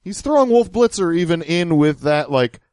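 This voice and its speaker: A man's voice: on the high side, expressive, moderate pace, darkish tone, dry recording, clean studio sound. A man hosting a podcast, wryly picking apart a clip in casual chat. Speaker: podcast host. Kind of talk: casual chat reacting to clips.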